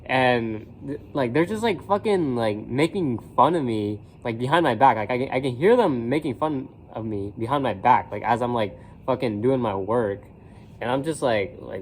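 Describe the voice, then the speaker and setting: A man's voice: lively intonation, normal speed. A young man, a college student, telling a rambling story in a casual vlog, full of slang, swearing and fillers, and acting out his classmates' voices. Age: young adult. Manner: acts out classmates' voices with pitch jumps.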